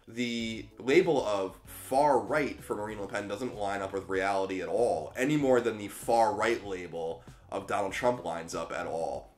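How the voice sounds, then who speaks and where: Casual profane American man, lowish voice. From United States. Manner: casual and profane, emphatic, slows down to stress points. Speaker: political commentary host. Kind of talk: solo video commentary. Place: spare bedroom of an apartment. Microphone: camera in a small room.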